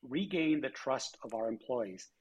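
Husky-voiced man telling business stories. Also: mid-range voice, lively intonation, measured pace, a little mellow. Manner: anecdotal, acts out quoted dialogue. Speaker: former airline chief executive, guest. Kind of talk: conversational storytelling interview.

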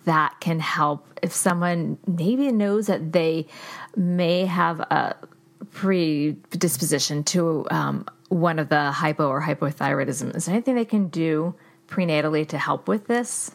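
A woman hosting a podcast interview, asking measured questions. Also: low-pitched.

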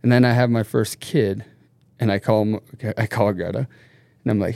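A man from Norway and the United States, a podcast guest telling stories in casual chat, animated, laughing often and swearing freely. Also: lowish voice, normal speed, gravelly, dry recording.

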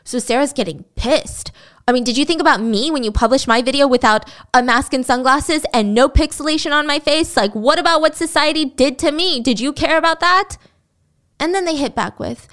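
Animated woman telling a story. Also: high voice, a little fast. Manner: animated, indignant, acts out quotes. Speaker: podcast host. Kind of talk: casual storytelling.

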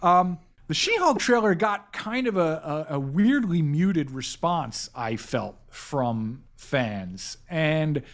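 A man hosting a casual panel chat about films, talking quickly and excitedly with many fillers and restarts. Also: fairly high pitch. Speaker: podcast host, editor-in-chief.

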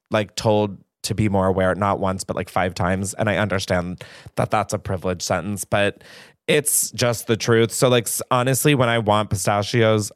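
A man's voice: on the low side, no room sound, studio quality. Chatty self-deprecating male podcast host. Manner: chatty, self-deprecating, rambling with frequent asides. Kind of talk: casual solo podcast chat.

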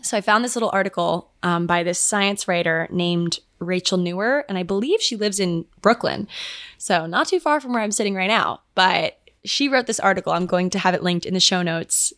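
A woman's voice: fairly low pitch, moderate pace, a bit bright, no room sound. Young female podcast host, casual rambling chatter, dry close recording. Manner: chatty, rambling, many "like" fillers. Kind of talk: casual solo podcast chat. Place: home.

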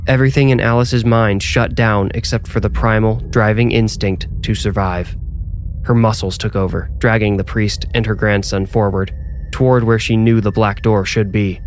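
Low-voiced man narrating horror. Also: level tone, slight background noise. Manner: measured, suspenseful reading. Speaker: narrator and author. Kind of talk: scripted horror story narration.

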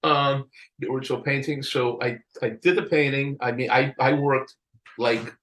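Animated male storyteller who laughs often. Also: medium pitch, moderate pace, low-quality recording. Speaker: album cover artist telling a story. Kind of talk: casual storytelling interview.

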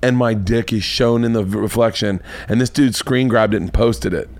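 A man hosting a comedy podcast, telling a story as a loose, swearing monologue whose voice jumps higher when he gets worked up. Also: normal speed, darkish tone, no echo. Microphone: podcast mic.

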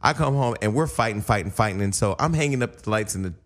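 A man telling profane, animated stories in a casual podcast chat, acting out the quotes. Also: lowish voice, fast talker. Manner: animated, profane storyteller who acts out quotes. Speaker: podcast co-host.

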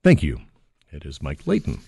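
A man hosting a talk radio show, animated and jokey, with frequent restarts. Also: extremely low pitch, moderate pace, creaky, breathy edge, no room sound, studio quality.

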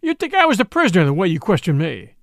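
A man's voice: high-pitched, huge pitch swings, fast, gravelly, fairly bright tone, dry recording, clean studio sound, full character voice. A man voicing an angry, domineering miners' judge from the frontier, talking in a folksy, bossy way. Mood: indignant. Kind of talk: audiobook character voice.

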